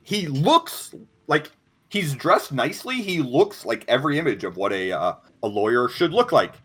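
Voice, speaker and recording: A man narrating as game master of a tabletop game, relaxed with some fillers. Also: mid-range voice, moderate pace, breathy edge.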